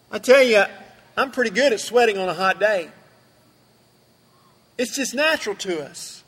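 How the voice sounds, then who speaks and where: A man's voice: sits high, lively intonation, moderate pace, long pauses, fairly bright tone. A man preaching a sermon in a church, emphatic and repeating phrases for effect. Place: church sanctuary. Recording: long reverb from a church hall.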